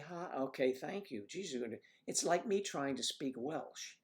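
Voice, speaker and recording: A man's voice: on the high side, lively intonation, unhurried. A man hosting a casual livestream, chatting and telling rambling stories. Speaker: livestream host.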